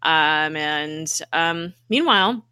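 A woman's voice: low voice, animated, slow pace, bright, forceful tone, smooth, no room sound, studio quality. A woman casually recapping a TV episode on a podcast, retelling scenes with lots of fillers and acting out the characters' lines.

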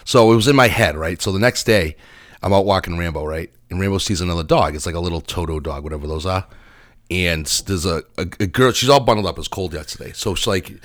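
A man's voice: sits low, fast talker, a bit bright, no room sound, studio quality. A man, co-hosting a podcast in blunt, profane, ranting casual banter. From Massachusetts. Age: 40s. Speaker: podcast co-host.

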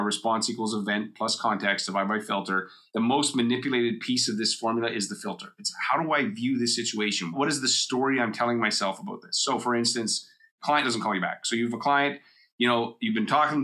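A middle-aged man hosts a solo coaching podcast, his mid-range voice brisk, bright and forceful. He explains ideas conversationally, drawing on personal stories and acting out everyday quotes.

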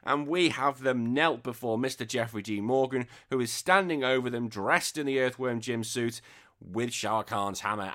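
A man's voice: medium pitch, bright, forceful tone. A man hosting a casual podcast, reading comments in an exasperated, ranting, sweary way. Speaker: podcast host.

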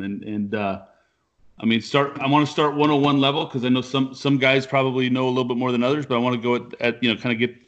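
A man's voice: mid-range voice, a bit bright, dull audio. A man hosting a podcast from his living room, chatting casually in loose, rambling sentences. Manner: rambling, talks in loose restarts. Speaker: podcast host.

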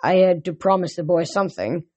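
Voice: medium pitch, animated, brisk, darkish tone, lightly acted. Reader putting on a cruel grumbling death god. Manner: gruff and sarcastic.

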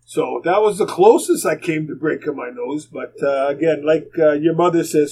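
A man's voice: a little high, moderate pace, warm tone, breathy edge, low-quality recording. An older man, a former hockey player rambling through plainspoken anecdotes as a podcast guest. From Canada. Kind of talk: casual storytelling.

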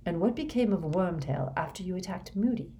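Lady playing an old wizard guy, soft calm questions, lower voice. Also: brisk, a little hiss or hum. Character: old male headmaster wizard, calm and gentle.

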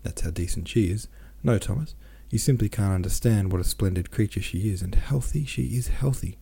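A restless, self-pitying middle-aged merchant pleads and rambles on, voiced by a man reading a novel aloud. The voice is low and gravelly with a husky edge. It sounds very dark and mellow. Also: brisk, exaggerated voice. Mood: pleading. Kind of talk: audiobook character voice.

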